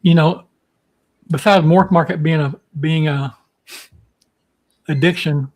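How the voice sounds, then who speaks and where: A man with a fairly high voice trades easygoing jokes as co-host of a streamed chat. He talks casually and plainly, chiming in with quick quips. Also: steady tone, a little mellow. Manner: joking, easygoing banter. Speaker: podcast co-host.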